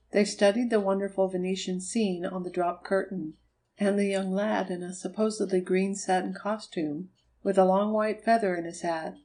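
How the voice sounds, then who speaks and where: A woman narrating a children's storybook in an even, measured reading. Her voice sits at a middle pitch for a woman. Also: gravelly, low-quality recording. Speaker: audiobook reader. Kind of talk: scripted narration.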